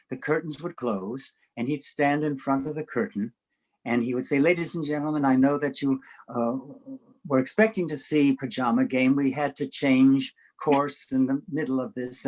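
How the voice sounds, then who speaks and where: A man's voice: mid-range voice, low-quality recording. An older man, an interview guest, telling show business stories with frequent laughter and acted-out voices. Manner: animated storyteller, laughs often, acts out voices. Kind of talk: anecdotal storytelling.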